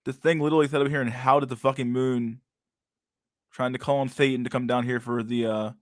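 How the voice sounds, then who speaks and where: A man's voice: mid-range voice, steady tone, fast, no echo, clean studio sound. A young man reacting to videos in casual, profane commentary, incredulous and sarcastic, who keeps calling people dude. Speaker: stream host reacting to videos.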